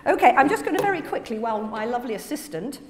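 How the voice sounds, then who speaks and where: A woman giving a conference keynote, animated and chatty, laughing through asides to the audience. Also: a little high, racing, slight background noise. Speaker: plenary conference speaker. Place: large conference hall. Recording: echoey hall with faint room ambience.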